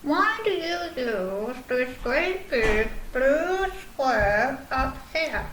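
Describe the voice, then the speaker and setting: A woman's voice: sits high, very animated, drawn-out words, a bit bright, a little hiss or hum, heavily acted. A woman voicing a silly, curious snail puppet in a children's lesson, who lisps an S sound onto words. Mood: cheeky. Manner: playful, puts S in front of words. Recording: echoey room, faint background ambience.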